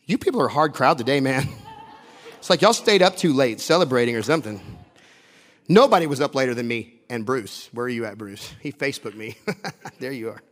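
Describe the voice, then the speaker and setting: Guy preaching casual and jokey, kinda high voice, big echoey sanctuary. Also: big pitch swings, normal speed, a bit bright. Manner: conversational, joking preaching with asides to the congregation. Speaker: pastor. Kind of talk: sermon. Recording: long hall reverb.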